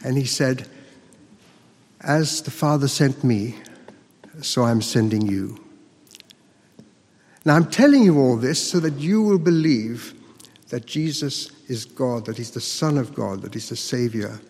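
A man earnestly performs a first-person monologue as a disciple telling of the crucifixion, marking it with emphatic, dramatic pauses. His medium-pitched voice is expressive and darkish, recorded with a big-room sound.

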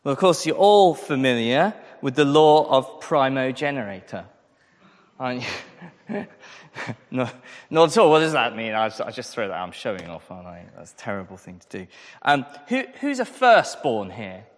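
Chatty preacher in a reverberant hall. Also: male voice, medium pitch, big pitch swings, normal speed. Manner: chatty, self-deprecating, asks the congregation questions. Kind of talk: sermon.

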